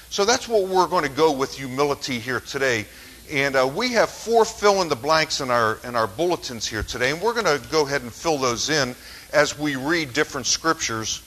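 A man's voice: fairly high pitch, animated, normal speed, fairly bright tone, low-quality recording. A male pastor preaching a conversational sermon in a church, with many fillers and restarts.

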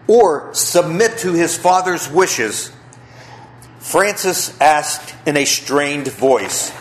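Guy pastor preaching, slow deliberate delivery, voice swinging up and down a lot, tells stories and asks questions. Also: fairly high pitch. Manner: storytelling with shifting emphasis and rhetorical questions. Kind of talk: sermon.

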